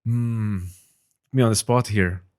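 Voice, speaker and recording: Lower-pitched man, guest in a loose, rambling chat. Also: takes it slowly, clean tone. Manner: rambling, many restarts, lively when demonstrating. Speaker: podcast host, guest. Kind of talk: casual interview chat.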